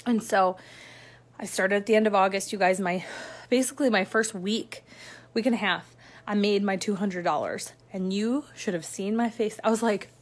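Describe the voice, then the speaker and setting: A young woman talking casually to camera as a mom telling her own story, chatty and full of fillers, dropping to a hush and then rising with excitement. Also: mid-range voice, a little fast. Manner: chatty, filler-heavy, swings between hushed and excited. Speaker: mom sharing her work-from-home story.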